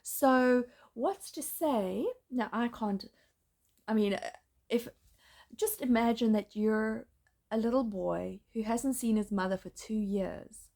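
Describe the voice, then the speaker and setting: A woman speaking in a distressed, halting personal monologue, pleading and breaking off mid-sentence. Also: fairly high pitch, vocal fry, a little mellow. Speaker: mother in a custody dispute.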